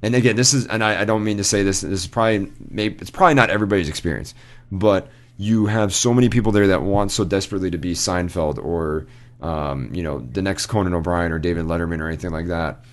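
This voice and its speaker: Deep-voiced man telling a rambling story. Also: fast talker. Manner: rambling storyteller, laughing often. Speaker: podcast co-host. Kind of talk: casual chat.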